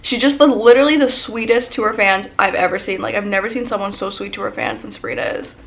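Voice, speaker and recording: A young woman vlogger telling a casual storytime as an excited fangirl, full of "like" and quoted dialogue. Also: mid-range voice, fast talker, gravelly, a little hiss or hum. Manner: excited fangirl gushing, lots of "like".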